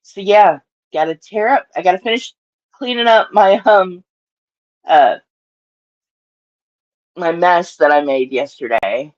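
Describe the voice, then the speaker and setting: A woman's voice: lowish voice, takes it slowly, pauses often, darkish tone, muffled recording. A woman with a Southern US accent chatting casually to her live-stream audience, rambling and laughing often.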